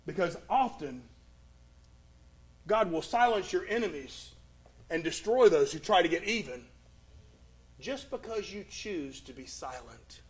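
A man preaching a sermon and retelling a Bible story, with dramatic pauses and swings from loud to hushed. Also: high voice, animated.

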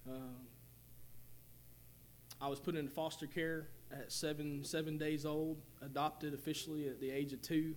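A man in his forties giving a personal testimony in church, speaking haltingly with many fillers and restarts. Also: on the high side, little pitch movement, slight background noise. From Tennessee, USA. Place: church sanctuary.

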